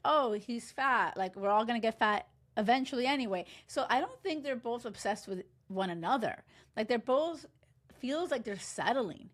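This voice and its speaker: A woman in her forties, a dating coach, giving an emphatic, chatty recap full of "like" and strong opinions. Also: on the high side. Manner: emphatic, gushing, frequent "like". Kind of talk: casual recap commentary.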